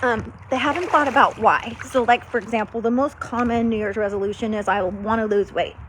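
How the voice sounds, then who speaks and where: Chatty high-voiced woman, shivering in an ice bath. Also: a little fast, a little hiss or hum, poor audio. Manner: energetic, chatty, many fillers. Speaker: health coach. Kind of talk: faith-based motivational vlog.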